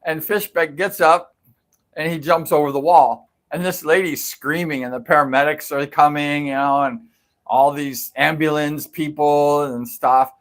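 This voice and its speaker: Slow, rambling man telling a story. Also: fairly high pitch, steady tone. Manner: unhurried, rambling, repeats himself, fillers. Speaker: livestream host telling a racing story. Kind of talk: casual storytelling.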